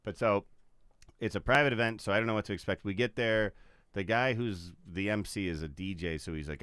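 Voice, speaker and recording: A man's voice: on the low side, fairly quick, fairly bright tone, smooth, no echo. A man, a comedian guest, telling a story casually on a podcast, swearing freely, laughing often and acting out other people's lines. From Chicago area.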